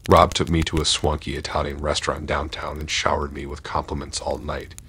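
A man giving a measured, steady first-person narration of a horror story. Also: extremely low pitch, breathy edge.

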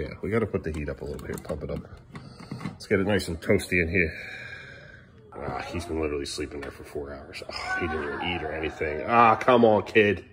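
A young dad, a parent vlogger, films a casual home vlog at bedtime, talking to his kids and snapping at them now and then in frustration. His voice is very deep and a little fast, with a noisy background. He sounds exasperated and scolds in bursts.

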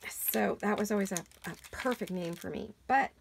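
Working at her craft table in a home studio, a middle-aged crafting channel host rambles casually from one thought to the next at a moderate pace. Her mid-range voice is hoarse, gravelly and froggy. The camera mic sits back from her, leaving a faint hiss.

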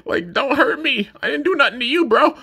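A man's voice: extremely high pitch, lively intonation, fairly quick, vocal fry, pushed and bright, pitched above the performer's own voice, full character voice. A man voicing a scared little creature toy that begs not to be hurt. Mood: pleading. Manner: whiny, pleading.

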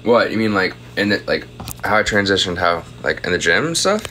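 A man's voice: low voice, big pitch swings, a little fast, bright, forceful tone, slight background noise. A young man chatting casually on a phone livestream at home, reading out viewer comments and thanking them for gifts.

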